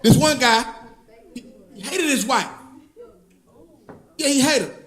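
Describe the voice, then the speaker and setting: A man doing a stand-up comedy set, telling stories with an animated delivery, drawling some words and shouting punchlines. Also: very high-pitched, a little slow. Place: comedy club stage. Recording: echoey room with audience laughter.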